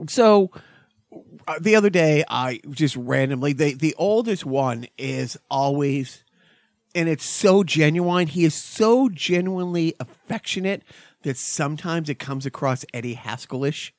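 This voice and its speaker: A man's voice: fairly high pitch, expressive, unhurried, no room sound, clean studio sound. Pria bersuara agak tinggi, rekaman kering. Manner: rambling, sarcastic, trails off and restarts. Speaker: podcast co-host. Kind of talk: casual chat.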